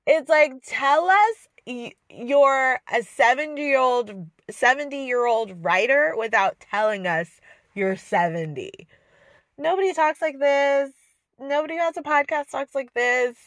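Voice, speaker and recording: Her voice sits high and slightly bright, measured in pace, recorded cleanly in a studio with no room sound. As a podcast host she casually tears into a TV show with sarcasm, fed-up side comments, and laughs.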